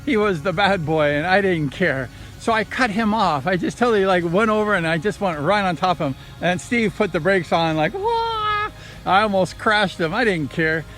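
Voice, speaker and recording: A man telling old speedway racing stories in a casual, rambling, excited way, slipping into quoted voices. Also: sits high, moderate pace, few pauses. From Southern California. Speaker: vlogger recounting racing days. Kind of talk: casual storytelling.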